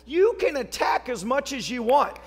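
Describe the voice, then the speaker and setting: A man preaching a sermon as pastor, telling stories and rising to shouts. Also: very high-pitched, sing-song, normal speed. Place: church service.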